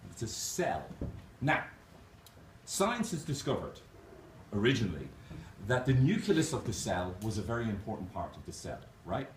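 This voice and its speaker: A man giving a motivational conference keynote, animated and jokey, speaking straight to the crowd. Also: fairly low pitch, normal speed. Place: conference hall. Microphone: distant camera mic. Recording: echoey hall, distant mic, noisy room.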